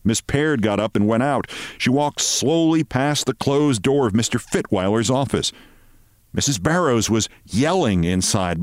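A man hosting a show, reading a story aloud in a measured, expressive way. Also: mid-range voice, no room sound, studio quality. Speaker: host.

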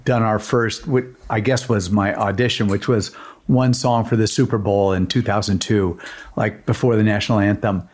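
Man telling relaxed stories. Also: fairly low pitch, moderate pace. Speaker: guitarist. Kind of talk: casual chat.

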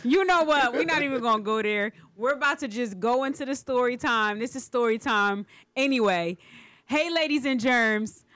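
A woman co-hosting a podcast, chatting casually and teasing the others with quick interjections. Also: a little high, fairly bright tone, no echo. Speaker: podcast co-host. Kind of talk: casual chat.

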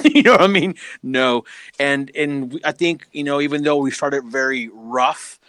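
A man's voice: mid-range voice, unhurried, no echo. A man, a wrestling promoter, telling backstage stories in casual chat, laughing and acting out what people said. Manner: animated, laughing, acts out quotes.

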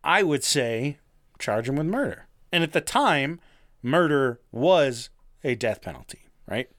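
A man's voice: mid-range voice, big pitch swings, measured pace, a bit bright. A man casually telling a true crime story to a friend, with lots of fillers, laughs and swearing. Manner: swears and laughs often, many fillers and restarts. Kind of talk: casual chat.

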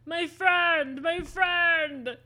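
A woman's voice: extremely slow, sharp tone, heavily acted. Woman putting on a pleading goopy monster. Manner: high, strained, pleading cries. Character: giant pink goopy male muck monster, pleading.

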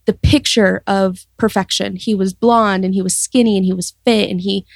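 A young woman sharing her life story in an interview, earnest and reflective, often pausing and restarting. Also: mid-range voice, steady tone, vocal fry, dry recording, clean studio sound. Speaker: guest sharing testimony. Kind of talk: personal testimony interview.

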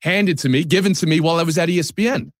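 A man's voice: on the high side, very fast, no room sound, clean studio sound. A man in his forties from the New York area, a sports TV host talking candidly and self-deprecatingly in a podcast conversation.

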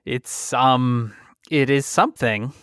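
A man co-hosts a podcast, trading casual chat in a dry, deadpan way. He sits close to the mic in a dead, dry room. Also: mid-range voice, slow pace, clean tone, no echo. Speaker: podcast co-host.

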